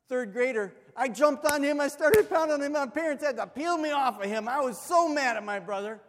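A man's voice: very high-pitched, brisk, few pauses. A man preaching a sermon, telling a funny story and acting out the voices in it. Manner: animated, acts out voices in his stories. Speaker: pastor. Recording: long hall reverb.

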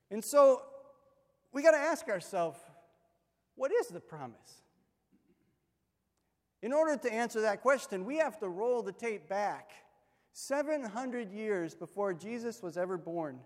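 A man preaching a sermon, telling a funny story and acting out the voices in it. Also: high-pitched. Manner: animated, acts out voices in his stories. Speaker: pastor. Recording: long hall reverb.

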